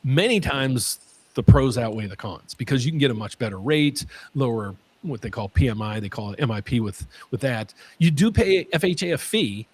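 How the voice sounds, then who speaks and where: A man hosting a mortgage Q&A stream, talking in an excitable way and often repeating his words. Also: mid-range voice, normal speed, slightly rough. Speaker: mortgage lender host.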